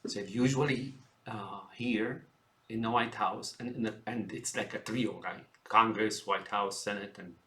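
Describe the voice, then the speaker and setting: A man's voice: on the low side, steady tone, a little slow, a bit bright. A man ranting about politics in a rambling, filler-heavy way, often calling his listeners folks. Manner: acts out quoted politicians in mocking voices. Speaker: political ranter. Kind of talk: unscripted political rant.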